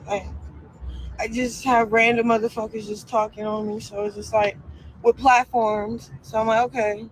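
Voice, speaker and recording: A woman's voice: a little high, flat delivery, normal speed, slight background noise, poor audio. A young woman ranting on a live stream, defiant and profane, full of fillers. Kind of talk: casual live-stream rant.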